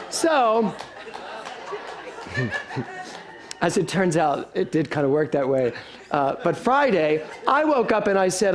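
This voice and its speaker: A man preaching from the pulpit, spinning a humorous personal story. His voice sits a little high and he talks with animated, self-deprecating humor, chuckling at himself as he goes. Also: slow, pauses often, some chatter behind, slight background noise. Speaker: pastor. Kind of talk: storytelling sermon. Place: spiritual center sanctuary.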